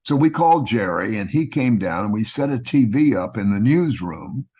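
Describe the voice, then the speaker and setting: An older man from Texas, a guest actor, telling long anecdotes in an interview in a relaxed, storytelling way. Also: fairly low pitch, moderate pace, breathy edge. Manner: relaxed anecdotal storyteller, acting out quoted voices.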